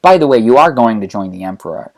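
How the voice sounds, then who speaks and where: A comedy narrator voicing a female dark lord who flusteredly explains herself. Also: medium pitch, expressive, quick pace, pitched below the performer's own voice, close to an everyday voice. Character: female dark lord, sheepishly defensive mother.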